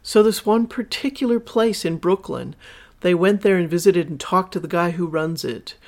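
A woman's voice: on the low side, moderate pace. A woman hosting her own podcast, speaking candidly and emphatically as she tells personal stories and gives advice as a sex educator. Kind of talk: solo podcast monologue.

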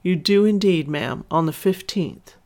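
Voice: mid-range voice, animated, measured pace, gravelly, darkish tone. A storyteller voicing a courteous male hotel clerk, eager to please.

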